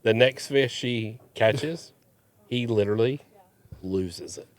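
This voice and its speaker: Animated man telling a fishing story. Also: medium pitch, slow pace. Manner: animated, acts out quoted voices. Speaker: charter fishing captain. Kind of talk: casual storytelling chat.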